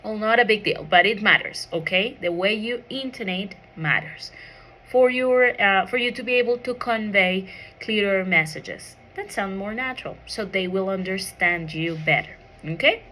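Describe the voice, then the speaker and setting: A woman's voice: medium pitch, moderate pace, pushed and bright. A woman teaching an English pronunciation micro lesson, asking the class questions and checking in with "okay?" after each point.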